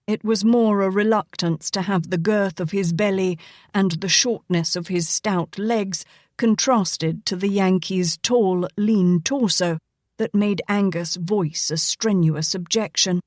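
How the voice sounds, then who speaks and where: A woman narrating a romance audiobook in a measured, even reading. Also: mid-range voice, dry recording, clean studio sound. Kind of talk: scripted narration.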